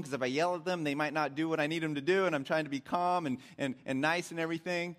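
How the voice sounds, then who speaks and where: A middle-aged man preaching as a pastor, telling stories in a conversational way that grows animated when he recounts his frustration. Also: on the high side, fast talker, few pauses. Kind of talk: sermon.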